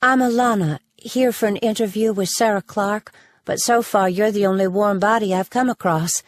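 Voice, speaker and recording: A woman reading an audiobook, voicing a prim, tense young woman with a husky voice and a faint Southern US accent. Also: medium pitch, normal speed, dry recording, clean studio sound, natural voice. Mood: prim, annoyed. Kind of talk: audiobook character voice.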